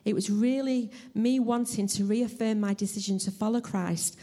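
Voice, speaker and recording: Warm-voiced woman preaching earnestly. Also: medium pitch, fairly even intonation. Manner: earnest, heartfelt, measured delivery. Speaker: lay preacher. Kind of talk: church sermon with personal testimony. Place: church service.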